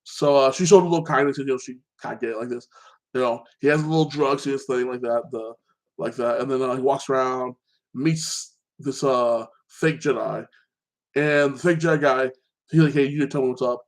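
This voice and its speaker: A man's voice: medium pitch, steady tone, moderate pace. A man casually recapping a TV episode, rambling and opinionated, filling his talk with "like that" and restarting sentences. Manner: opinionated, ranting about plot holes. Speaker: host.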